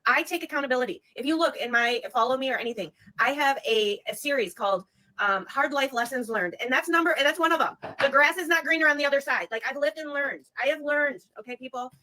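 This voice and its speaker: A woman's voice: high voice, quick pace, sharp tone, low-quality recording. A woman in a confessional social video, rambling, swearing and restarting as she talks about her mistakes.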